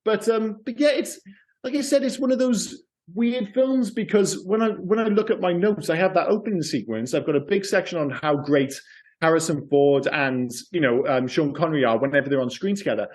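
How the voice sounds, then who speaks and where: Guy on a film podcast, keen and rambly, kinda high voice. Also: darkish tone. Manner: enthusiastic, rambling, quick asides. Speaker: podcast co-host. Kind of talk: casual film chat.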